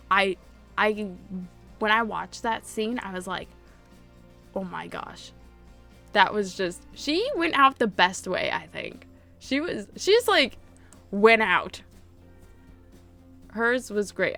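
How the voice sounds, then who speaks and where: A woman's voice: medium pitch, a bit bright. Gushing woman chatting casually. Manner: gushing, emphatic, lots of fillers. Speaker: YouTuber. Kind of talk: casual fan chat to camera.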